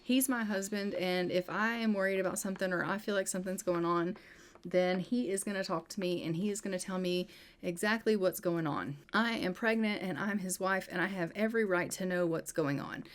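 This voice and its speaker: A woman's voice: fairly low pitch, fairly quick, a little hiss or hum, lightly acted. A woman playing an insistent, suspicious young wife. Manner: insistent, accusing. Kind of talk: narrating a life-sim game.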